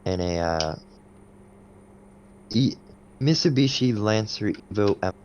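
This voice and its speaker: Lower-voiced rambling young man. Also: expressive, slow pace, a little mellow, lo-fi sound, a little hiss or hum. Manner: rambling, laughs often, restarts mid-sentence. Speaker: podcast co-host. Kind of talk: casual chat.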